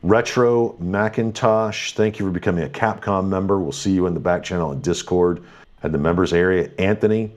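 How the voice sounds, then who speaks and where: Low-voiced guy hosting a rocket stream, upbeat and a bit tired, lots of ums. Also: darkish tone. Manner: upbeat, thankful, quick rundown with fillers and restarts. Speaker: livestream host. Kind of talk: live stream commentary, reading super chats.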